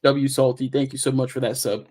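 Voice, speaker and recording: A man hosting a relaxed streaming podcast. He talks loosely and casually, full of slang. He shouts out his subscribers with easy enthusiasm. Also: medium pitch, fairly quick. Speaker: podcast host.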